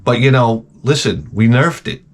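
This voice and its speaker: A man's voice: mid-range voice, normal speed, slight background noise. A man hosting a show, rambling through crude comedic chat and trailing off into mumbled asides. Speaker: show host.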